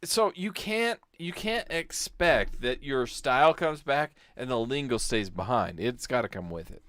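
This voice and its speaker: A man's voice: mid-range voice, animated, measured pace, a bit bright, dry recording, studio quality. Easygoing American man rambling. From United States. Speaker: podcast co-host. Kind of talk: casual podcast chat.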